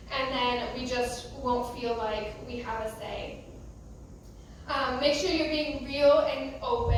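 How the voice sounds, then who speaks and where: A young American woman who is a youth pastor gives a casual youth sermon full of fillers, speaking in a fairly high voice. She is recorded from a distance in an echoey church youth room, with slight background noise.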